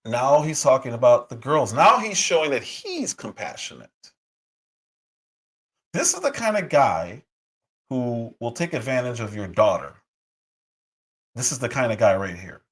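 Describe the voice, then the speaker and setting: A middle-aged man with a mid-range, slightly bright, breathy voice comments on a clip during a livestream. His reaction is sarcastic and indignant, peppered with mocking asides.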